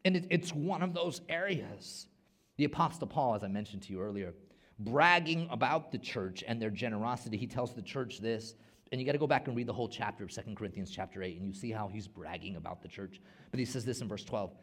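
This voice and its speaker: A middle-aged man, a pastor, preaching a sermon with big swings between loud and soft and repeating words as he builds a point. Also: fairly low pitch, lively intonation, fast.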